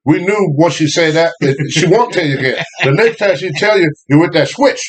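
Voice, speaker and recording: An older man, telling family stories in a casual, animated way, often laughing. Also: on the high side, a little fast, slight background noise. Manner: animated, laughing, Southern US phrasing. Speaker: guest storyteller. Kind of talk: casual storytelling.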